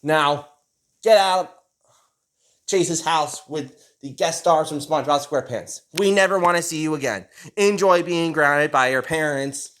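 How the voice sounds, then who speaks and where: A man's voice: a little high, a little slow, fairly bright tone. A young man voicing an upset cartoon sea sponge, scolding and indignant.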